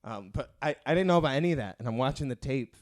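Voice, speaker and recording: A male comedian, a guest on a podcast, tells a loose, rambling story in casual chat. He peppers it with "like" and slips into quoted voices of the people involved. His voice sits at an ordinary pitch for a man. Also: lively intonation, fast talker, no echo, clean studio sound. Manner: rambling anecdotes full of "like" and mimicked quotes.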